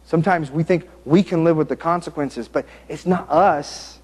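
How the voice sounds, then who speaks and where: A man's voice: on the high side, normal speed, husky. A man preaching a sermon, acting out the story with jokes and asides. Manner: animated storytelling, acting out the scenes; joking and self-interrupting.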